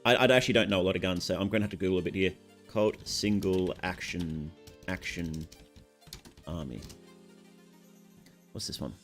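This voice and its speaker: A young Australian man with a sore throat chats casually on a game stream, reading out chat messages and answering them. His voice is deep, his pace moderate with frequent pauses, and faint music plays behind him.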